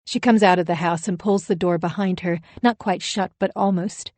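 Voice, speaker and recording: A woman's voice: lowish voice, steady tone, moderate pace, few pauses, a little mellow, no room sound. A woman reading a first-person thriller audiobook in a tense, emphatic storytelling manner. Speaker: audiobook narrator.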